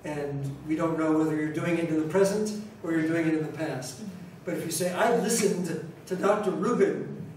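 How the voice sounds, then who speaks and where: This pronunciation teacher, a man from New York City, delivers a conference talk with a somewhat high, darkish voice, chatting conversationally while repeating points, restarting, and deliberately projecting. The distant microphone captures strong echo from the large hall and a faint hiss beneath.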